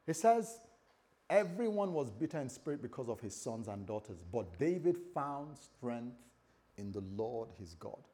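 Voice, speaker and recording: Man, preacher, husky voice, swooping lively pitch, conversational sermon. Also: unhurried. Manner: conversational, acts out quoted voices, repeats words.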